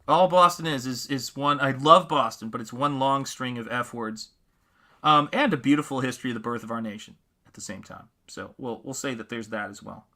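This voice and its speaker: A man's voice: mid-range voice, brisk, bright, forceful tone. A man hosting a live painting stream, chatting casually and rambling as he reads out viewer comments. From New England.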